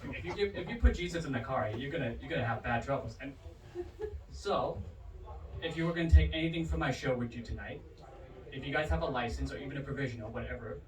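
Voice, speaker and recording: A man doing a stand-up comedy set at a bar comedy night, animated and swinging his pitch hard for punchlines. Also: fast talker. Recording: roomy, distant bar recording with audience. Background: crowd laughter.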